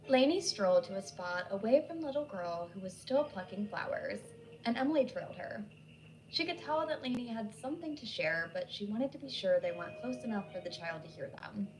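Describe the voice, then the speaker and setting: A woman storyteller giving measured, scripted narration of a spooky tale, with faint music behind. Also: medium pitch, animated, slight background noise, poor audio.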